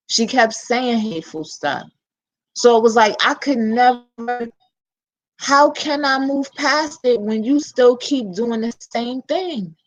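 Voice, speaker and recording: A woman's voice: a little high, low-quality recording. A woman with a New York accent hosting her own vlog, talking bluntly and candidly in casual slang-filled commentary. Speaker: channel host.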